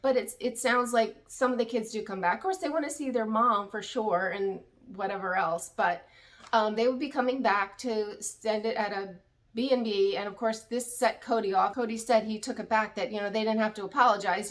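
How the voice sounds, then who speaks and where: A candid woman talks in a loose, chatty way, full of opinionated asides as she recaps a show for her channel. Her voice sits at an everyday middle pitch. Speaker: reality TV recap YouTuber. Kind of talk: casual chat.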